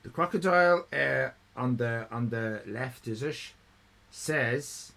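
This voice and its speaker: A man's voice: medium pitch, takes it slowly, vocal fry, fairly bright tone. A man hosting a live stream in casual chat, rambling, laughing and thanking viewers. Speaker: livestream host.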